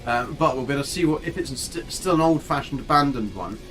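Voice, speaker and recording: A man's voice: mid-range voice, lively intonation, a little fast, fairly bright tone, soft background music. A man giving casual, chatty live commentary on a game, talking to his character and his viewers with mild swearing. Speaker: gaming streamer.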